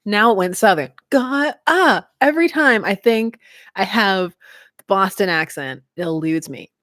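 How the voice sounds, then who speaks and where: Giggly woman, lively voice. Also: medium pitch, a little slow, no echo, studio quality. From Canada. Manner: chatty, giggly, laughs often. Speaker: livestream host. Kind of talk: casual livestream chat.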